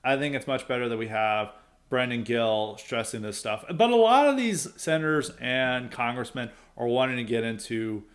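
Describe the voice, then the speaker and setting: A man hosting a podcast, talking in a casual, opinionated commentary style. He rambles through thoughts with frequent asides and chuckles, at an ordinary middle pitch for a man. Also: sing-song, moderate pace. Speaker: podcast host.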